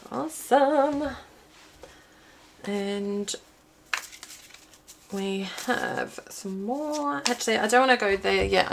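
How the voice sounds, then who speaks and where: A woman's voice: mid-range voice, creaky, fairly bright tone, a little hiss or hum. A woman giving a pick-a-card reading to viewers, chatty and thinking aloud as she pulls cards while filming herself. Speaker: intuitive card reader. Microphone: filming herself while watching a small screen.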